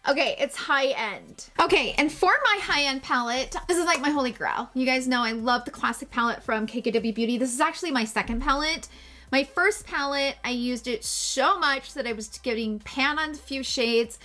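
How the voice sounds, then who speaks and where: A woman's voice: sits high, moderate pace, sharp tone. Gushing, chatty woman beauty vlogger. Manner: chatty and gushing, jokes at herself; casual swearing. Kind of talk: casual makeup tutorial.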